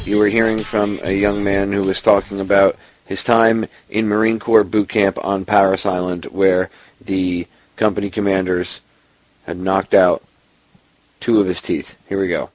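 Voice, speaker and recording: A man's voice: low-pitched, level tone, measured pace, rough recording. Male host doing upbeat break segues. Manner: upbeat announcer-style transitions. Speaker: podcast host.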